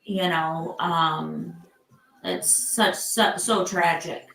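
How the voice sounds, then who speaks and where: A woman's voice: lowish voice, steady tone, very slow, creaky, fairly bright tone, echoey room, rough recording. An older woman from Michigan hosting a casual live chat, rambling with lots of fillers and restarts. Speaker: live stream host.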